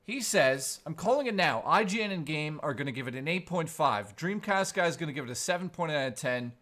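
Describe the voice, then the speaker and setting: Guy streamer joking crude with chat, voice bounces all over, kinda high. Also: fairly quick. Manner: animated, playful. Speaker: livestream host. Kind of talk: casual live-stream chat.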